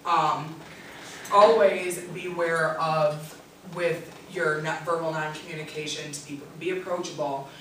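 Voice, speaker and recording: A tutor giving a practical workshop talk, speaking directly and with many pauses and ums. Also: medium pitch, fairly even intonation, a bit bright. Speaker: tutor and SI leader presenting. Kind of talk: workshop presentation. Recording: echoey room, distant mic, faint noise.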